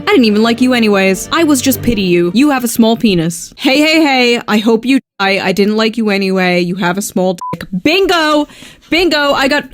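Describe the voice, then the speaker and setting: Woman, dry mocking reaction commentator, slightly high voice, light music bed. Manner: deadpan, mocking, reads messages aloud. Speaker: commentator reading dating texts.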